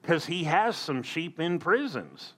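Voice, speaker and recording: A man's voice: on the high side, very animated, slow, a bit bright. A man preaching a sermon as a pastor, emphatic with conversational asides.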